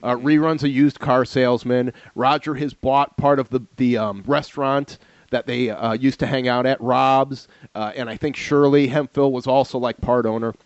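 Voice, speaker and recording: A man's voice: medium pitch, moderate pace, no room sound, highs cut off. A man co-hosting a podcast, telling stories in a casual chat with lots of laughs and repeated words. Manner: animated storyteller, laughs often, repeats words. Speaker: podcast co-host. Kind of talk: casual chat about old TV shows.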